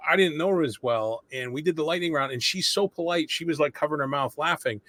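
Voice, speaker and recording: A podcast host with a slightly high, fairly bright voice talks fast in a casual interview chat, telling self-deprecating stories.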